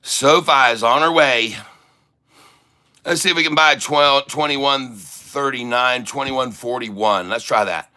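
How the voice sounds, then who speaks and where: A middle-aged man with a medium-pitched, clean voice gives excited live commentary while day-trading. He rattles off prices rapidly and breaks into rhyming chants like a hype man.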